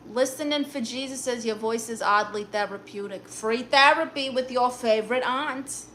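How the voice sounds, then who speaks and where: A woman's voice: on the high side, a bit bright, slight background noise, lightly acted. A woman with a Brooklyn accent voicing a blunt, sassy aunt who reads viewer comments and gives dating advice on a live stream. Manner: blunt, sassy, quick comebacks.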